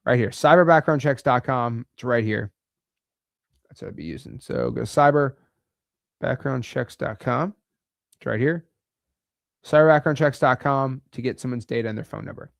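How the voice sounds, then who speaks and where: A man's voice: mid-range voice, moderate pace, vocal fry, no room sound, studio quality. A man from the United States coaching real estate wholesaling in a blunt, emphatic, chatty way with slangy asides. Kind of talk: casual teaching to camera.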